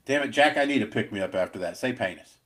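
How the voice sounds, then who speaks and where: A middle-aged man co-hosting a pest control podcast, talking casually in a rambling, blunt, profane way with many halting restarts. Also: fairly low pitch, animated, a bit bright.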